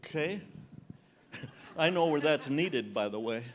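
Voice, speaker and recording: Older stand-up comic in his seventies, man, slightly higher voice, teasing banter with the crowd, live stage mic. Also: lively intonation, a little slow, heavy background noise. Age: 70s. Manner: conversational, teasing audience members. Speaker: comedian. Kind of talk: stand-up comedy with audience banter. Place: large conference hall stage.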